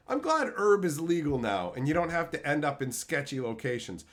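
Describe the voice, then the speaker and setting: A man in his thirties chatting casually on a live stream, telling stories and shouting out loud quotes. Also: on the high side, very animated, moderate pace. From Canada. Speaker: streamer opening card packs.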